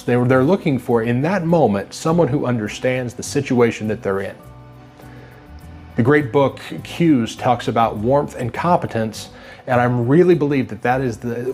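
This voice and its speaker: Steady instructive man, faint music behind. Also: mid-range voice. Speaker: trucking industry speaker. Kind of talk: scripted motivational talk.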